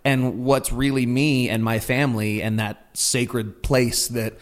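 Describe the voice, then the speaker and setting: A man's voice: medium pitch, little pitch movement, a little slow. A man who hosts radio, guesting on a podcast and talking frankly and casually with some swearing. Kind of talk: casual chat.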